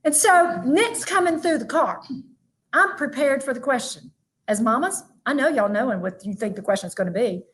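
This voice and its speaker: Lively woman motivational speaker. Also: high-pitched, normal speed. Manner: lively, emphatic, talks straight to the audience. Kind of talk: virtual keynote talk.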